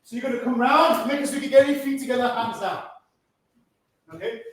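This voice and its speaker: Man, karate instructor, instructive, checks in with "yeah?", high voice, echoing hall. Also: steady tone, a little fast. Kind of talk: teaching a martial arts class. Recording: echoey room from a distance.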